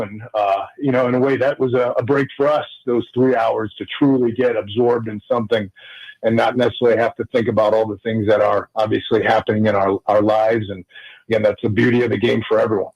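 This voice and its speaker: Former football player telling stories. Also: male voice, fairly low pitch, level tone, a little mellow, dry recording, highs cut off. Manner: storytelling, halting with restarts. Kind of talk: conversational radio interview.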